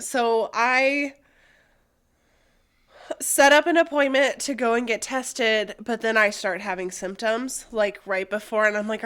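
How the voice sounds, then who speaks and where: A woman's voice: fairly high pitch, unhurried, a bit bright. A young woman co-hosting a podcast, candidly telling a personal story, swearing freely and using many fillers. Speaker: podcast co-host.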